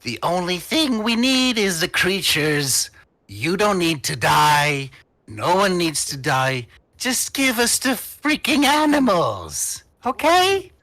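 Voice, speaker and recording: A man voicing an aged male gnome crook who shouts and wheedles in a high voice. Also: sing-song, slow pace, full character voice. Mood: wheedling.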